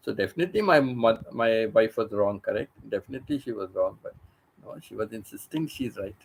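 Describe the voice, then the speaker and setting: A man's voice: on the low side, animated, moderate pace, vocal fry, a little hiss or hum, low-quality recording. A man chatting casually as a channel host, repeating phrases and restarting his sentences. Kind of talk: casual rambling chat. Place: living in Thailand.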